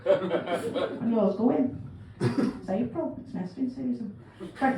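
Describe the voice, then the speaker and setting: Lively Derbyshire woman doing stand-up. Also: a little high, slow, long pauses. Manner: chatty, animated, acts out phone calls. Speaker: stand-up comedian. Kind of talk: stand-up storytelling. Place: pub function room, live gig. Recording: echoey room, mic far off.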